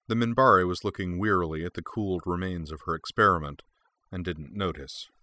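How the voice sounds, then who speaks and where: A man narrates a story aloud in a steady, measured way. His voice sits very low yet comes across forceful and bright. The sound is dry and close. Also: dry recording. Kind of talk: fan fiction read aloud.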